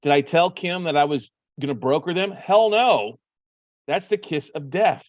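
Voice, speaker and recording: A man's voice: a little high, a little fast, no echo, lo-fi sound. A man hosting a show, telling a story casually and acting out his own phone calls. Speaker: podcast host.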